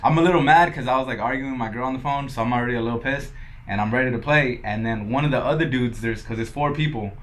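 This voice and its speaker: Young dude from LA telling stories chill, cusses a lot, acts out what people said. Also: male voice, mid-range voice, quick pace, slight background noise. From Los Angeles. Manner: laid-back, swears a lot, quotes others in dialogue. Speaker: podcast guest. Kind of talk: casual storytelling.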